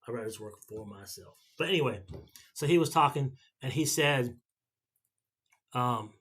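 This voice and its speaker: Fifties male vlogger, bright forward tone, casual rambling chat. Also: medium pitch, expressive, moderate pace, husky. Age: 50s. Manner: rambling storyteller who repeats and restarts himself.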